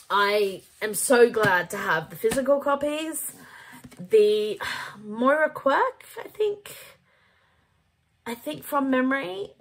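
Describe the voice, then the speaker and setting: A woman reviewing a book in a casual vlog, gushing and animated, with casual swearing. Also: a little high. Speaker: book vlogger.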